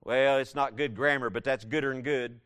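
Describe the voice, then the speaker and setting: A man preaching a sermon, repeating key phrases and building from quiet passages to loud, emphatic ones. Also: medium pitch, steady tone, normal speed, clean tone.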